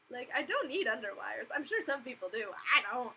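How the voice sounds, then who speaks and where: A young woman chats casually on her live stream from her bedroom, giggling often between remarks. Her voice sits a little high with a bright edge, picked up by a simple webcam mic. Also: big pitch swings, moderate pace, vocal fry, slight background noise, low-quality recording. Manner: chatty, giggly, acts out voices of others in quotes.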